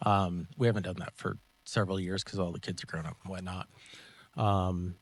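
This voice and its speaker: A man's voice: deep voice, moderate pace, no echo. A man co-hosting a casual podcast, chatting loosely and giving practical tips. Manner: relaxed, gives practical tips. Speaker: podcast co-host, martial arts instructor. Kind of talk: casual chat.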